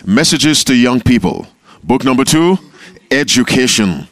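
A man preaching a sermon as pastor, asking his listeners questions and answering them himself, with quotes acted out softly. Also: medium pitch, very animated, a little slow, dry recording. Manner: call-and-response preaching, questioning the audience. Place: camp meeting talk.

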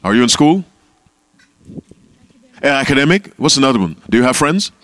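A man preaching a sermon as pastor, asking his listeners questions and answering them himself, with quotes acted out softly. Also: medium pitch, big pitch swings, normal speed, no echo. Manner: call-and-response preaching, questioning the audience. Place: camp meeting talk.

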